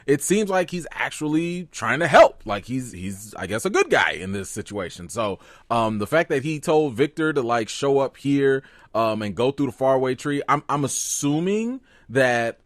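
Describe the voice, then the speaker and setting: A man hosting a casual recap of a TV series, talking in an animated, excitable way with joking asides. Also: medium pitch, no echo, studio quality. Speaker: show recap host.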